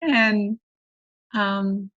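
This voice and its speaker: A woman's voice: mid-range voice, extremely slow, a bit bright, no echo. A middle-aged woman host telling a personal story in a casual, rambling way, often correcting herself as she goes. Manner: rambling, self-correcting, chatty. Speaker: podcast host. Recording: dull lo-fi dry recording.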